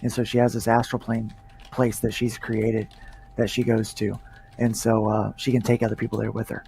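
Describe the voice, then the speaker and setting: A man's voice: on the low side, monotone, normal speed, creaky, mellow, slight background noise. A man, a comic creator and pastor, chatting casually as a guest and rambling with lots of fillers. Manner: laid-back, rambling with many fillers. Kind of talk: casual livestream chat.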